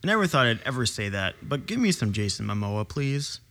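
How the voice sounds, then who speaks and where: A man co-hosting a casual podcast chat, bantering in a relaxed, wry way. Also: mid-range voice, brisk. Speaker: podcast co-host.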